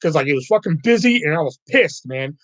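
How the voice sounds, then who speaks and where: A man's voice: fairly high pitch, expressive, a little fast, a bit bright, no echo. A man on a livestream telling rambling, profane stories, often acting out callers. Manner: profane, rambling, quotes callers in shifting voices. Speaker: livestream host. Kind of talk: casual storytelling chat.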